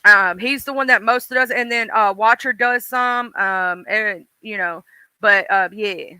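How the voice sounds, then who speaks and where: A man from Mississippi with a Deep South accent, rambling in folksy casual chat with his livestream viewers and greeting them by name. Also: measured pace, bright, forceful tone, smooth, no room sound. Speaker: livestream host.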